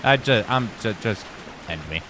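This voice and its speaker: Casual live-stream chat while playing: a young adult male streamer, his voice lowish, expressive and pushed bright at a normal speed, with a little background noise. He banters self-deprecatingly with his chat and lays out boss tactics step by step.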